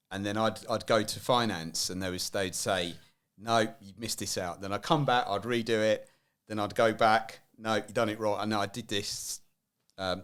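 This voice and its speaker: A man hosting an interview, telling a story in a halting way with plenty of fillers. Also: on the low side, fairly bright tone, clear, resonant tone. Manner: lots of short agreeing murmurs, halting with fillers. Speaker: interview host. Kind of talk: casual interview.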